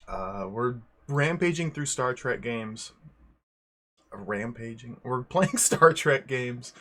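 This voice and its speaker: A man's voice: medium pitch, expressive, slow, a bit bright. A young man hosting a livestream, chatting casually, greeting viewers one by one and often rambling and correcting himself. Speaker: livestream host.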